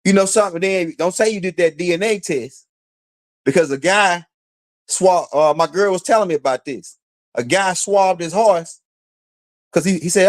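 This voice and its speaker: A man's voice: high voice, normal speed. A man giving a casual, slangy commentary monologue, challenging his target with repeated rhetorical questions. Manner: casual slangy speech with fillers. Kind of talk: direct-address commentary monologue.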